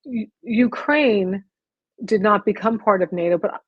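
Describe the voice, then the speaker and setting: A woman hosting a podcast who asks eager questions in quick, restarting bursts. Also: mid-range voice, slightly rough, dry recording, muffled recording. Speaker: podcast host. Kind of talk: casual interview chat.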